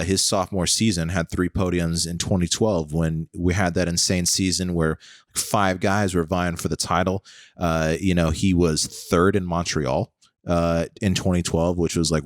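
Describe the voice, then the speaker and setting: Deep-voiced rambling American man. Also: dry recording, clean studio sound. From United States. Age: 30s. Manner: rambling, full of "like" and "okay", spins comic what-if scenarios. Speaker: podcast co-host. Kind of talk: casual chat.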